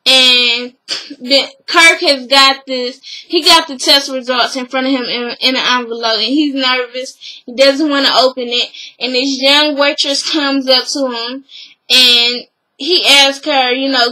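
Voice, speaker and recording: A young woman giving a casual, animated recap of a reality TV episode, acting out what people said and laughing along. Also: sits high, a little slow, poor audio. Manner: animated, acts out quotes, laughs.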